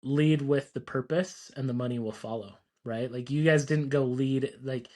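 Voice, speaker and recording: A man's voice: medium pitch, fairly even intonation, moderate pace, darkish tone. A man hosting an interview, chatting casually and affirming his guest while he asks loose follow-up questions. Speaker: podcast host, interviewer.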